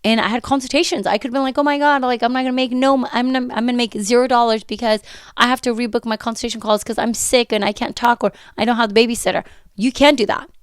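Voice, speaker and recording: Energetic woman podcast coach, dry close mic. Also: a little high, fast, clear, resonant tone, dry recording. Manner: energetic, emphatic, talks with repetition and quoted self-talk. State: voice slightly worn from recent illness. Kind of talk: casual motivational podcast talk.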